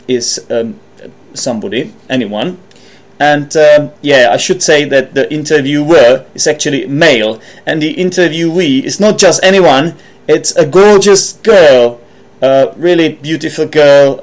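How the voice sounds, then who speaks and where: A man at an ordinary mid pitch hosts a solo English-learning podcast. He works through words slowly, with plenty of ums, restarts and self-corrections. He reads partly from notes but tries to sound offhand. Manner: hesitant, thinking aloud with many ums and self-corrections; partly reading from notes while aiming to sound natural. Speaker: English teacher and podcast host. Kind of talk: solo educational podcast explaining vocabulary.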